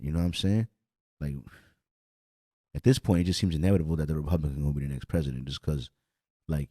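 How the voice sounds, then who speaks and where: A young man with a very deep, mellow voice hosts a podcast, launching into a casual rant that is blunt, profane, repetitive, and heated. The recording is dry and of studio quality.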